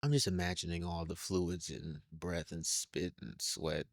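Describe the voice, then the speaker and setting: A man's voice: sits low, little pitch movement, a little slow. A man co-hosting a podcast in casual chat, teasing and laughing often. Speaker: podcast co-host.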